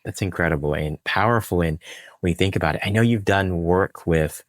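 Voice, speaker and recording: A man's voice: low voice, a little fast, no echo, clean studio sound. A man hosting an interview podcast, asking questions and encouraging his guest with brief replies. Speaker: podcast host. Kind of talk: casual interview.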